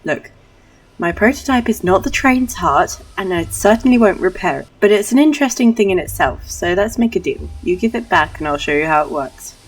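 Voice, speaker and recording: A woman's voice: medium pitch, expressive, a little fast, voice pushed up, close to an everyday voice, rough recording. A woman voicing a weary male doctor in her own voice, patient but exasperated.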